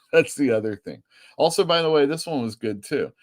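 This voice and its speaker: A man's voice: medium pitch, lively intonation. A man who owns a comic store, chatting loosely on a live stream, rambling and swearing casually. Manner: chatty and rambling, swears freely, quick laughs. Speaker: comic store owner and show host.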